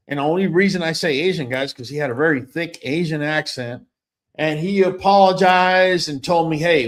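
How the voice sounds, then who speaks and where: High-voiced guy, blunt and animated, cussing through a story. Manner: animated, emphatic, blunt, swears freely. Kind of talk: casual storytelling.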